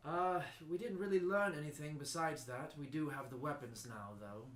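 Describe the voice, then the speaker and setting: A man's voice: fairly high pitch, normal speed, fairly bright tone. Hesitant man with a roomy echo. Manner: hesitant, trailing off with fillers. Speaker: tabletop game player. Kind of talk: casual role-play chat.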